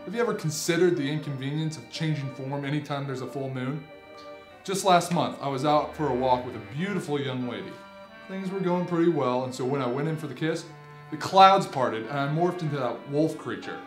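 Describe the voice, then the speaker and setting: A man's voice: fairly high pitch, fairly quick, reverberant, faint music behind, natural voice. A man playing a griping werewolf. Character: hapless man who turns into a werewolf.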